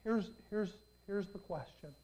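A preacher giving a sermon, telling the story in an animated way full of rhetorical questions. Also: medium pitch, measured pace, husky, low-quality recording.

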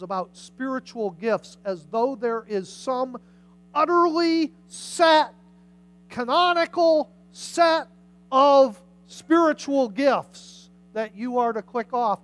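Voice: high-pitched, expressive, slow pace, poor audio. Conversational pastor preaching a sermon. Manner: conversational, questions the congregation. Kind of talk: sermon with scripture reading. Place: church service.

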